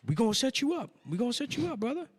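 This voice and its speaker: A man putting on a high, drawling voice for a pushy male angel investor who offers prayers instead of money. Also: very animated, very fast, husky, full character voice. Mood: promising.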